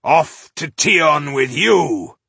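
A man voicing a gruff, battle-hungry male dwarf warrior who growls and bellows his taunts. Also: mid-range voice, extremely slow, bright, forceful tone, no room sound, exaggerated voice. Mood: gleeful taunting.

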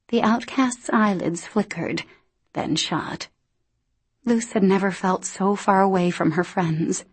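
A woman narrating an audiobook in a steady, deliberate reading style. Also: medium pitch, husky. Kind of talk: scripted narration.

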